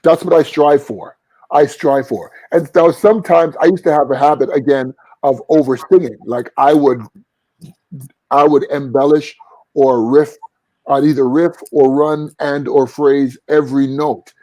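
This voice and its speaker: Male singer-guest, earnest and reflective, mellow tone, dry studio. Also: fairly high pitch, steady tone, a little slow, no room sound, poor audio. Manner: earnest, reflective, sings short vocal examples. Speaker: singer and vocal coach, guest. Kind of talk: casual interview talk.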